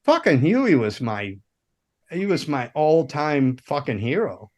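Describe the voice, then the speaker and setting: A middle-aged man, a former roadie and guitar tech, telling long rambling stories in casual chat, swearing often and laughing along, jumping into sudden high voices to act out the people in them. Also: big pitch swings, slow pace, darkish tone. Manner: rambling, profane, laughs through his stories.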